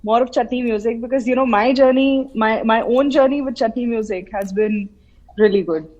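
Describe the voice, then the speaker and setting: A woman's voice: on the high side, moderate pace, a little mellow, highs cut off. A woman from central India, a guest in a remote interview, telling a story with animation and quoting remembered voices. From Madhya Pradesh, India. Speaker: guest, film artist. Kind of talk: casual interview. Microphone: remote call from her home city.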